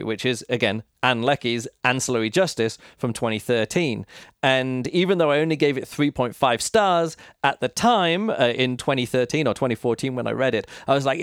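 A man's voice: mid-range voice, clean tone, dry recording, studio quality. A man hosting a podcast, giving a casual spoken book review and thinking aloud with lots of fillers. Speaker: podcast host reviewing books.

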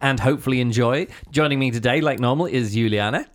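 A man's voice: mid-range voice, fast talker. A man hosting a book review podcast, chatting casually with lots of fillers and restarts. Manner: rambling, full of fillers and restarts. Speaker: podcast host.

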